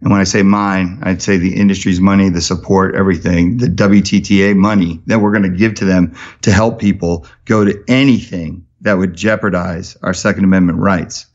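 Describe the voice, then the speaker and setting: A man guesting on a podcast, telling stories in an energetic, animated way. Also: sits low, muffled recording. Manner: energetic storyteller, rapid and animated. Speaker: podcast guest, charity founder. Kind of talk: casual podcast conversation.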